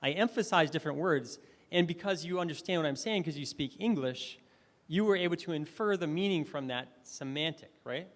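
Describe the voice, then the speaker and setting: A man's voice: on the high side, a little fast. A man giving a conversational conference presentation, full of fillers and restarts. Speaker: conference speaker. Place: conference hall. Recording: reverberant hall.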